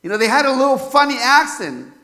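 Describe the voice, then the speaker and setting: A man from California preaches in an unusually high voice with a bright, forceful edge. He talks conversationally, with lots of fillers and rhetorical questions aimed at the congregation. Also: big pitch swings, fast talker. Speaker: pastor. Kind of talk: sermon.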